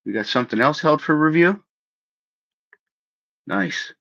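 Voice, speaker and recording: A man's voice: a little high, expressive, unhurried, a bit bright. A young man co-hosting a casual livestream, talking loosely with casual swearing. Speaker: co-host of a livestream. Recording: slightly dull lo-fi sound.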